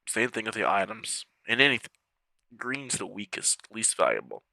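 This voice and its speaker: A man's voice: fairly low pitch, big pitch swings, moderate pace, creaky, bright, forceful tone, dry recording. A man giving casual, chatty commentary over a strategy game, muttering to himself as he clicks through menus, with the hiccups. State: has the hiccups. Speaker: game walkthrough creator.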